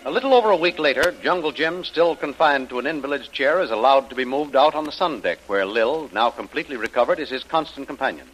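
A man's voice: medium pitch, expressive, fast talker, few pauses, fairly bright tone, rough recording. A man narrating an old radio drama in an earnest, announcer-like way. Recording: old radio broadcast with music bed.

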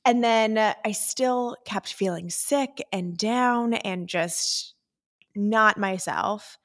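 A woman's voice: medium pitch, takes it slowly, a bit bright. A young woman co-hosting a podcast in casual chat, talking with lots of fillers. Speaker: podcast co-host.

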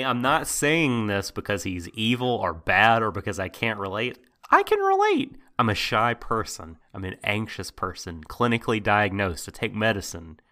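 Casting note: bright, expressive man co-hosting a podcast, excitable rants, swears a lot. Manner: animated ranting, swearing, voice jumps high when exasperated. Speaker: podcast co-host. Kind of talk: casual anime discussion podcast.

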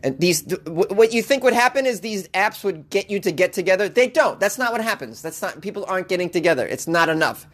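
Sarcastic, animated man ranting. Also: high voice, fairly quick, few pauses. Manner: animated, sarcastic, mock voices and rants. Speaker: podcast host. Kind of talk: comedic news commentary.

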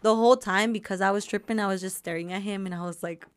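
A young woman telling a story in casual chat, animated, saying "like" a lot and laughing often. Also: mid-range voice, fast, clear, resonant tone, no echo.

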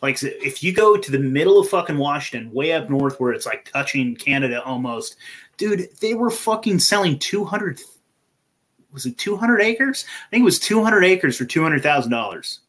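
Bright-voiced, excitable profane man. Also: on the high side, moderate pace. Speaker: podcast co-host. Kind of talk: casual podcast chat.

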